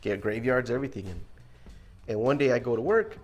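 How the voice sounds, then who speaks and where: Animated male storyteller, swears casually. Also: mid-range voice, fairly quick, soft background music. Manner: animated, acts out quoted voices, casual swearing. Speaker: guest telling army stories.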